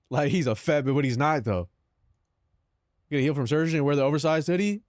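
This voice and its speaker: A man's voice: on the high side, expressive, moderate pace, darkish tone, dry recording, studio quality. A man live streaming in casual chat, talking in slang, calling his viewers "bro" and laughing between lines.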